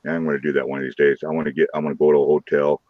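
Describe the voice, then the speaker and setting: A man's voice: extremely low pitch, flat delivery, racing, dry recording, narrow, tinny audio. A man hosting a live stream, trading rowdy, crude jokes with his chat in a loose, casual way. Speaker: livestream host.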